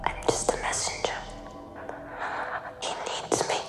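An actress playing a devout young woman who answers a tempter in a hushed, trembling voice, in a film scene. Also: measured pace, in a whisper, lightly acted. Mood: fearful. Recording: film audio with music behind.

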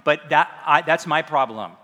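A man's voice: fairly high pitch, normal speed, bright, forceful tone. A male pastor preaching a sermon in a conversational, self-deprecating, humorous way, recorded in a church hall. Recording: reverberant hall sound.

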